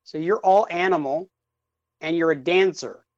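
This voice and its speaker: A man's voice: on the high side, moderate pace, dry recording, muffled recording. A man in a casual podcast chat, spinning playful, rambling ideas with lots of fillers.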